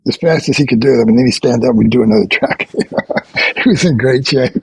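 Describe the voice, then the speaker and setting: An older man, a veteran session bassist, telling rambling anecdotes in a podcast interview and chuckling between stories. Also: brisk, vocal fry, slightly rough, no room sound, poor audio. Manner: rambling anecdotes with restarts and quoted dialogue.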